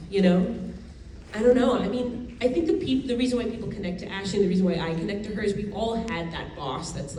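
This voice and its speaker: A woman's voice: mid-range voice, dark tone, a little hiss or hum. A woman in her thirties, an actor answering fan questions on a convention panel in a chatty, laughing way with many restarts. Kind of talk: casual panel Q&A. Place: convention hall. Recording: roomy hall audio from a far mic with faint ambience.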